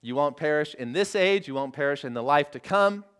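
A man's voice: on the high side, animated, fairly quick, fairly bright tone, smooth. A man preaching a sermon, explaining scripture in an emphatic way. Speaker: pastor.

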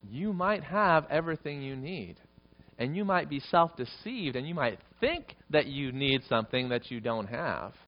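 A man preaching a sermon to his congregation, earnest, repeating key phrases and swelling louder and higher on them. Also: lo-fi sound. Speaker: pastor.

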